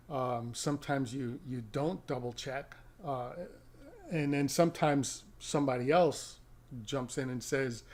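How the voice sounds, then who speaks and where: A man's voice: medium pitch, a little mellow. A middle-aged man, a rideshare driver and vlogger, casually telling a story to camera, rambling and correcting himself with small chuckles. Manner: rambling, self-correcting, chuckles at own stories.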